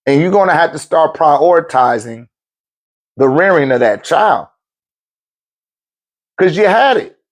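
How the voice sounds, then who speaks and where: A man's voice: on the high side, animated, a little slow, long pauses. A middle-aged man, giving blunt, profane life advice in a casual monologue and laughing often.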